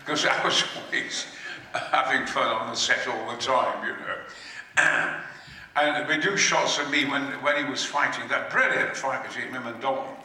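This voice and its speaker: An older man, an actor on a convention panel, telling stories in a booming, theatrical, sweary way with bursts of laughter. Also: fairly even intonation, a little slow, bright, forceful tone. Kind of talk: anecdotal storytelling. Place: large convention hall. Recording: echoey hall from far off.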